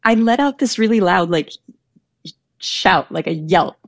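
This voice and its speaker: A woman's voice: mid-range voice, lively intonation, unhurried, dry recording. A young woman telling a personal story in casual chat, hesitant, with many fillers and restarts. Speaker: storyteller guest. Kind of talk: casual anecdote.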